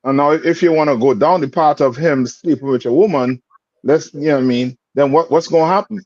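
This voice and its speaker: A man's voice: on the high side, a little fast, a little mellow, dry recording. Male religious teacher, streetwise and repetitive, in a dull, dry recording. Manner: repetitive questioning, streetwise phrasing. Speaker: class teacher.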